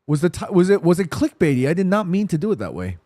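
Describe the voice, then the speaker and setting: This football livestream host has a New York accent and a high-sitting, sing-song voice with a dark tone, delivered at a quick pace without echo. Tired, he rambles casually through chat comments, restarting and correcting himself along the way.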